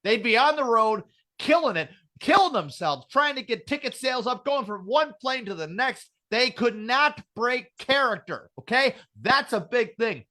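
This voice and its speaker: High bright-voiced ranting podcast host. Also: male voice, expressive, moderate pace. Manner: profane, ranting, many fillers. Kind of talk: casual podcast chat.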